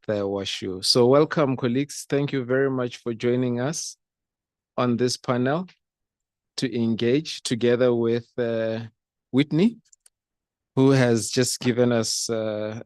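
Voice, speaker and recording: A man moderating a symposium panel, calling up speakers with measured, hesitant pauses. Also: mid-range voice, no echo, clean studio sound. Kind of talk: introducing a panel. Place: conference venue.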